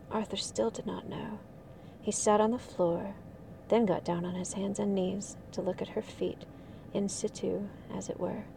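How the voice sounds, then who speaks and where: A woman softly whispering a passage from a book, in a hushed, breathy way. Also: medium pitch, recorded from a distance, background noise. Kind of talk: whispered reading aloud.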